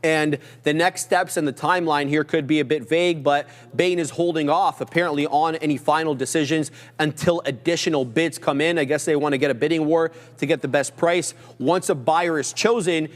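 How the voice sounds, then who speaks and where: A man's voice: fairly high pitch, fairly even intonation, big-room sound. A man hosting a casual live trading stream, reading market headlines and bantering with co-hosts. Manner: brisk, reads headlines aloud, jokes with co-hosts. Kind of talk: casual market news chat.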